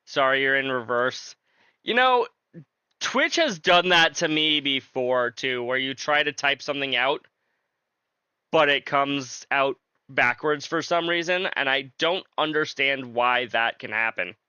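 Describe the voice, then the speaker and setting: A man's voice: medium pitch, unhurried, sharp tone, clean tone, no echo, highs cut off. A man streaming a video game live, chatting casually and joking with his viewers.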